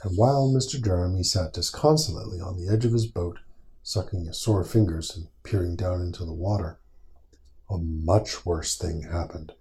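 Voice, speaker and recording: Low, mellow-voiced dad reading aloud. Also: male voice. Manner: gentle and patient, pausing to answer the child. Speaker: father reading a bedtime story. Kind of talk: reading aloud to a small child.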